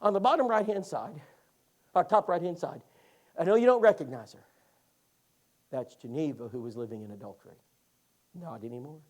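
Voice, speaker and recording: A man teaching a Bible class, telling stories in a folksy, animated way. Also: fairly high pitch, moderate pace, long pauses. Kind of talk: lively classroom storytelling.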